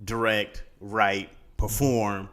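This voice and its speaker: A man's voice: lowish voice, very slow. A man co-hosting a podcast in casual chat, teasing and joking as he tells stories. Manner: joking, teasing, animated storytelling. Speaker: podcast co-host.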